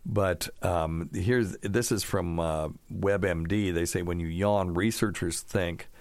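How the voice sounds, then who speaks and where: A middle-aged man with a very low voice hosts a casual call-in radio show. He talks bluntly and offhandedly and tosses in scoffing asides. The sound is close and dry. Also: slow pace, no room sound. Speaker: radio show host answering caller questions.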